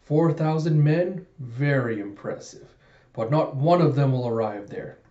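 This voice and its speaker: Gloating villain shogun, comic read-aloud, low-key menace, a man doing it in a mellow voice, roomy dull mic. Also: measured pace, natural voice. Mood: scheming.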